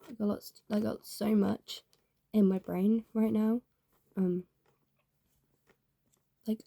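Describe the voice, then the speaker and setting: A woman's voice: mid-range voice, level tone, takes it slowly, creaky, long pauses, dark tone, no echo. A young woman talking in a rambling, candid way, full of fillers, in a casual confessional vlog. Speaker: YouTuber.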